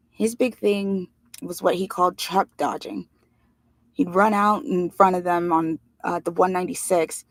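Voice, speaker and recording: Woman reading a book out loud, low gravelly voice, dry close sound. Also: no room sound. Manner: plain steady first-person narration. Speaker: reader. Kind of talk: reading a novel aloud.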